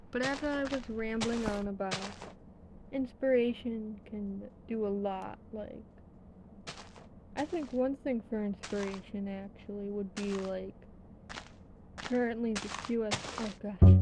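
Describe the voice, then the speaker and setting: A woman's voice: medium pitch, fairly even intonation, measured pace. A young woman rambling casually in a vlog, tired and yawning, swearing now and then. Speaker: vlogger. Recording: dull lo-fi sound with faint background noise.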